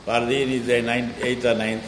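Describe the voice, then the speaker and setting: A man's voice: mid-range voice, level tone. Male poetry tutor, patient explainer who reels off verse, echoey room with a faint hiss. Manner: patient, explanatory, recites verse quickly in sing-song. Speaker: teacher of classical poetry. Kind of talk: explaining a poem line by line.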